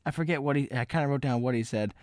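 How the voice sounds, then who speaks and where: A young man co-hosting a podcast, telling workplace stories in an animated way, mimicking the people he met and laughing often. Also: mid-range voice, racing, no echo, studio quality. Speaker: podcast co-host. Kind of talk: casual chat.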